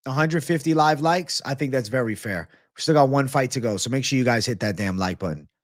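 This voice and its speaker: A man's voice: medium pitch, a little fast, no room sound, clean studio sound. A man hosting a live sports betting show, chatting casually and swearing freely while he talks straight to his live chat. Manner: laid-back, slangy, swears freely.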